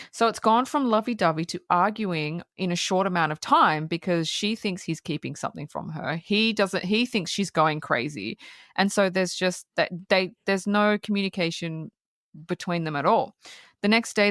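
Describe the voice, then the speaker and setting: A woman's voice: fairly low pitch, a bit bright, no room sound, studio quality. A woman co-hosting a podcast, recapping a film in casual chat and laughing often. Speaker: podcast co-host. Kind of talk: casual movie review chat.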